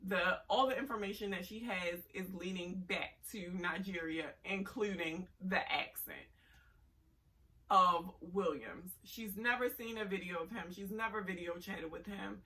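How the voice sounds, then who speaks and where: A woman's voice: fairly low pitch, unhurried, bright, forceful tone, distant mic, poor audio. A woman giving a blunt, sassy casual review commentary on a reality show.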